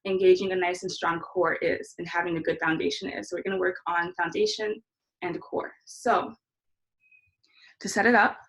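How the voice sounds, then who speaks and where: A woman's voice: on the low side, fairly even intonation, normal speed, a bit bright. A young adult woman leading an online yoga class, cueing breaths and poses in an encouraging way. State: out of breath at times. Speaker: yoga instructor.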